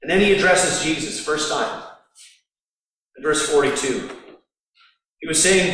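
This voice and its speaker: A man's voice: fairly high pitch, animated, normal speed, long pauses, a bit bright, slight background noise. A man preaching a sermon, acting out the mockers' lines with sarcasm. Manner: acts out the mockers' voices with sarcasm. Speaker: pastor. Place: large echoing hall. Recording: distant mic in a reverberant hall.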